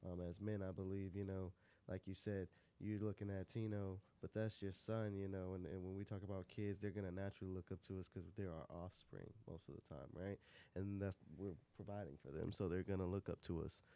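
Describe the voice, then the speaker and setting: A man co-hosting a casual podcast discussion, speaking in a measured, hesitant way with fillers. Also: low-pitched, fairly even intonation, warm tone, clear, resonant tone. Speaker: podcast co-host.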